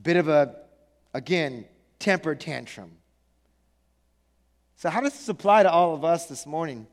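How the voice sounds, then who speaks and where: A male pastor preaching a sermon in church, animated and conversational, with joking asides. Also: fairly high pitch, measured pace. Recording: echoey church hall.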